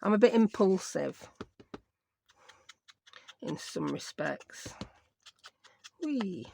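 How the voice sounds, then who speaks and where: With lively intonation and a moderate pace, a Yorkshire woman talks through a craft tutorial at her desk, joking at her own expense and dropping in dialect. Her mid-pitched voice is a bit bright, with a little hiss or hum behind it.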